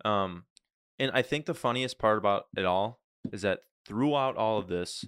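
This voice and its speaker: A man's voice: on the low side, moderate pace, fairly bright tone, clean tone, no room sound, studio quality. A man co-hosting a casual podcast, joking around and slipping into mock voices for the people he talks about. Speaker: podcast co-host. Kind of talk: casual chat.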